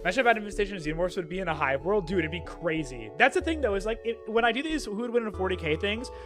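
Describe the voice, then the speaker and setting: Young male streamer, higher-pitched, excitable running commentary over background music. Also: rapid-fire. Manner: excitable, chatty, swings between loud bursts and muttering. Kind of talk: live gameplay commentary.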